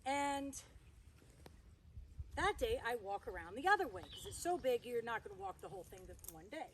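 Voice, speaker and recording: Chatty horsewoman with a high voice, recorded outdoors with clear ambient noise around her. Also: sing-song, moderate pace. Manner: chatty, breaks off to praise the horse. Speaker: horse trainer. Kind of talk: storytelling while working a horse.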